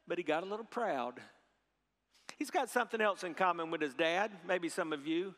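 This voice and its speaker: A middle-aged man preaching a sermon, telling a story with big swings from hushed to loud and leading the crowd in repeated phrases. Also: sits high, animated, brisk. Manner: repeats phrases, leads audience call-and-response. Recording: long hall reverb.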